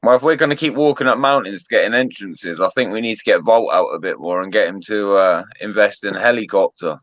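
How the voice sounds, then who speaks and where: A man's voice: fairly low pitch, fast, no room sound, lo-fi sound. A man joining casual banter on a live stream, ribbing the others dryly and restarting his sentences often.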